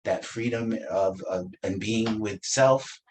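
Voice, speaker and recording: A man teaching a spiritual practice in a gentle, unhurried way, with playful asides and frequent soft laughs. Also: fairly low pitch, slight background noise, poor audio. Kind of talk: reflective spiritual talk.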